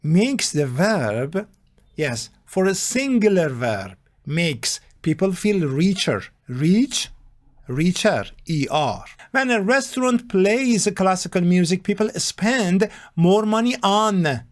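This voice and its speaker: A teacher explaining grammar point by point in a deliberate, spelled-out way. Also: medium pitch, sing-song. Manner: slow, deliberate, spells out letters and abbreviations. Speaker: English teacher. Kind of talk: grammar lesson explaining a text.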